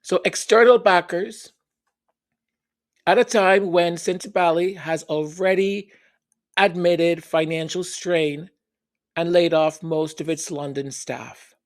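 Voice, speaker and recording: Brief: opinion commentary host, unhurried, sarcastic and emphatic, mid-pitched. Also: fairly even intonation. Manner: sarcastic, rhetorical questions, emphatic.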